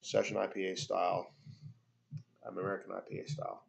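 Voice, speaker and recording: A man's voice: sits low, flat delivery, a little fast, gravelly, husky. A man with a congested, nasal voice reviewing a beer at home, rambling and hesitant with many fillers. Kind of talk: casual home review vlog. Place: at home, moving between rooms. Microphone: laptop built-in mic.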